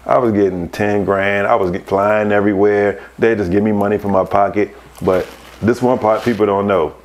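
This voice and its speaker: A man, a podcast guest, telling casual stories, animated and laughing as he acts out other people's voices. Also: on the low side, moderate pace, slight background noise. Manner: animated, laughs through his anecdotes. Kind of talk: casual storytelling.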